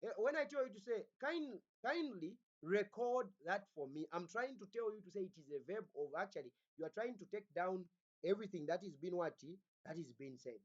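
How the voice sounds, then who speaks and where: In a recorded phonology lecture with dull lo-fi sound, a teacher with a mid-range voice speaks in an animated, brisk way. They keep asking the class "what?" and "Are we together?", repeating words and restarting sentences.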